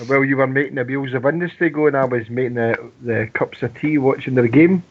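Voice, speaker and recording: A man's voice: mid-range voice, brisk. A man hosting a casual fan radio show, friendly and rambling with many restarts. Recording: phone-like narrow band.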